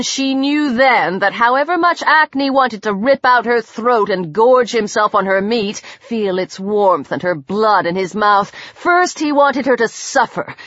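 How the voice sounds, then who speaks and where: A woman with a slightly high voice narrates a gritty thriller audiobook, pushing into tense, dramatic passages. The recording is dry and close, with a slightly dull, muffled tone. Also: a bit bright, no room sound. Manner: tense, dramatic reading that rises into fighting cries. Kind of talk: scripted narration.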